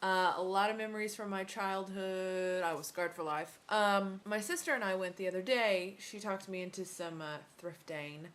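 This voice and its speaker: A woman's voice: mid-range voice, moderate pace, hardly any pauses, fairly bright tone. A young woman ranting casually to her camera at home about motherhood, sarcastic and swearing, with many ums. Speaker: vlogger.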